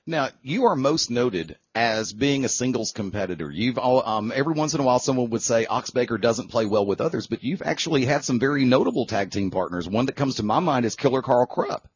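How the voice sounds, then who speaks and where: Brisk husky male interviewer. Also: medium pitch, lively intonation, no echo, muffled recording. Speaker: host. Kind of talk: interview questions.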